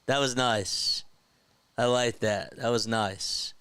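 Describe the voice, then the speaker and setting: A young man doing live baseball play-by-play as a streamer, chatty and quick to laugh, reading viewer comments between pitches. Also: fairly even intonation, a bit bright, clean tone, no echo. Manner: chatty, laughs often, reads chat aloud.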